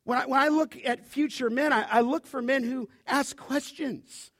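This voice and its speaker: A man preaching a sermon as pastor, animated, often asking his listeners to finish his sentences. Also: extremely high pitch, normal speed, no room sound, studio quality. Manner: animated preaching, asks the congregation to fill in words.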